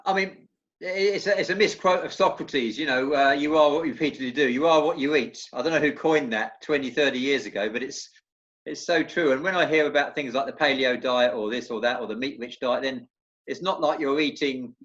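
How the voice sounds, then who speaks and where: A man in his fifties hosts the talk, mixing his own stories with questions for his guests. His voice sits at an ordinary middle pitch. The audio is dull and lo-fi, like a remote call. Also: a little fast, a bit bright. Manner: friendly interviewer who steers the talk. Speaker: podcast host. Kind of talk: casual conversational interview.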